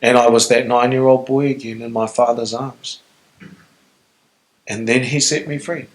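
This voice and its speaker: Speaking on stage in front of an audience, this middle-aged man from New Zealand answers questions as a guest in a live Q&A, his accent clearly Kiwi. His medium-pitched voice holds a steady tone at a normal speed as he talks earnestly, reflectively and with emotional openness. Audio quality is poor.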